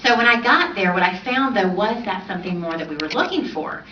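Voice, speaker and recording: A woman in her thirties telling her personal story to an audience on a stage, animated and often laughing. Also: medium pitch, fairly quick. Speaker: conference speaker. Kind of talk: personal success story speech. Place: large event stage. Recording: roomy, distant, dull, slightly noisy.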